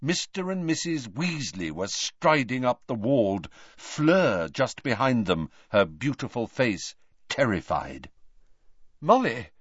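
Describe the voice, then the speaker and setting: A man narrating an audiobook with an expressive, varied delivery. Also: medium pitch, takes it slowly, slightly rough, no echo, dull audio. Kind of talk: scripted narration.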